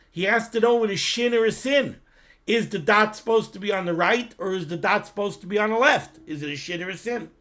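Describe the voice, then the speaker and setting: A man's voice: sits high, fairly bright tone. A man teaching a Torah study lesson, reading Hebrew text in a lilting study chant and explaining it in English, addressing listeners directly. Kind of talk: Talmudic-style study lesson.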